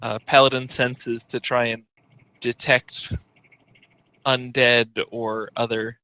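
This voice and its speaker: A man's voice: medium pitch, level tone, takes it slowly, bright, forceful tone, clean tone, rough recording. A man playing his character in a tabletop game, casual and hesitant. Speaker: player.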